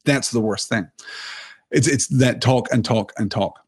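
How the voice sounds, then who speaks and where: A man giving a thoughtful film analysis, often rephrasing himself mid-sentence and stressing key points with lively emphasis. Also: medium pitch, unhurried, breathy edge. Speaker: film commentator.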